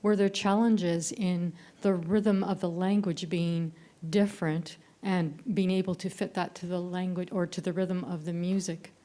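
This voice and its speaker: A woman, asking a panel question in a clear, explanatory way. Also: fairly low pitch, flat delivery, a little slow, warm tone. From Canada. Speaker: audience member.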